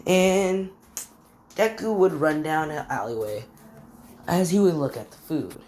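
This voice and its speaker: A woman improvising a fan story out loud, rambling, stopping on fillers and forgetting names as she goes. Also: low voice, animated, a little slow, a little hiss or hum.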